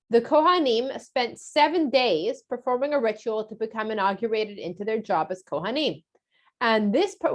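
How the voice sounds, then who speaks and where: A woman teaching a casual lesson for kids, chatty and explanatory with frequent filler sounds. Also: fairly high pitch.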